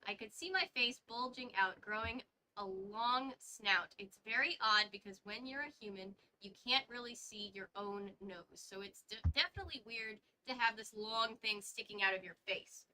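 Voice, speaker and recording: A woman's voice: on the high side, moderate pace, pushed and bright, slight background noise, poor audio. A woman hosting a casual book read-along, reading aloud with stumbles and chatty asides. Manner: reads aloud with stumbles and side comments.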